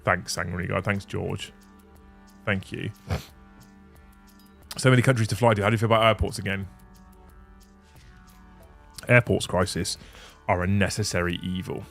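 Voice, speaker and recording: A man's voice: sits low, fairly even intonation, moderate pace, gravelly, long pauses, a bit bright, soft background music. A man hosting a casual livestream, rambling and chatting as he reads out lists and viewer messages. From England. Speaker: livestream host.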